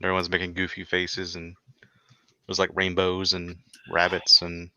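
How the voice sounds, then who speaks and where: Deep, bright-toned man on a dull mic. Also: monotone, moderate pace, no room sound. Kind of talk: casual livestream chat.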